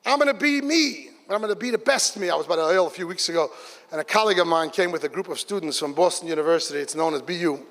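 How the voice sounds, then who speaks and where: Middle-aged man, high-pitched, animated storyteller at a community gathering, reverberant hall. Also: fast talker. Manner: lively storytelling, shifts into excited exclamations. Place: large event hall. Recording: long reverb of a big hall.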